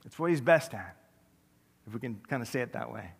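A man preaching a sermon as pastor, conversational and self-deprecating, with quick humorous asides. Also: medium pitch, lively intonation, creaky, husky, in a large hall. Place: large church sanctuary.

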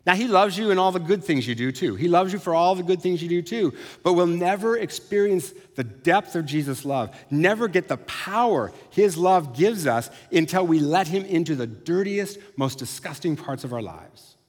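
A man preaching a sermon as a pastor, conversational with animated asides. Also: on the high side. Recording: long hall reverb.

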